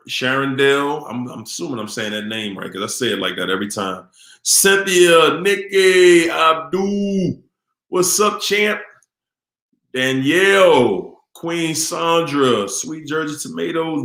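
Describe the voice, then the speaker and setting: A man hosts a casual live stream in a relaxed, upbeat way, calling out viewers' names. His voice sits somewhat high for a man. The room around him is echoey.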